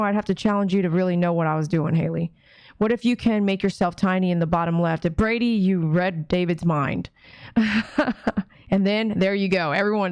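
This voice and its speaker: Woman, dog groomer, casual live-stream chat, mid-pitched voice, dry close sound, reads comments aloud. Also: dry recording. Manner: chatty, reads viewer comments aloud, teasing. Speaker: dog groomer hosting a watch party.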